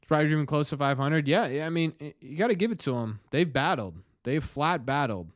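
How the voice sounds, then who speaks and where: A man's voice: a little high, animated, brisk, no room sound, clean studio sound. Exasperated man rambling about baseball. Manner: rambling, frequent restarts, exasperated. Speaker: podcast host reading live chat. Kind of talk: casual live-stream game commentary.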